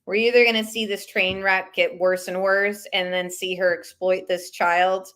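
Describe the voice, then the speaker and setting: A woman runs a live commentary stream in a relaxed, chatty way, freely sharing her opinions and reading viewer comments aloud as they arrive. Her voice has an ordinary middle pitch and a moderate pace.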